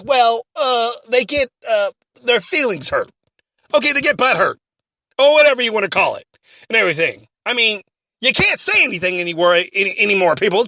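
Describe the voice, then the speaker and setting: A performer doing a loud, ranting radio host. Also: mid-range voice, dry recording, studio quality. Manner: ranting, yelling, blustery.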